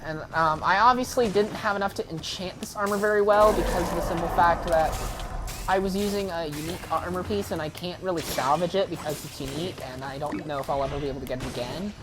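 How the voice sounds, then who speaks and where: A woman's voice: fairly low pitch, fast, over music. An American woman giving casual, rambling gameplay commentary full of ums and restarts. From United States. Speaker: gaming YouTuber.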